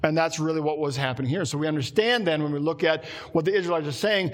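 Male pastor, slightly high voice, lively preaching delivery. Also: fast talker, few pauses. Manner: animated, acts out quoted complaints in a lower voice. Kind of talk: sermon.

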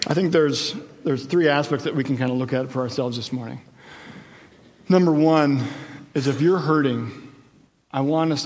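A man preaching a sermon as pastor, telling the story with lively asides and jokes. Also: medium pitch, moderate pace, in a large hall.

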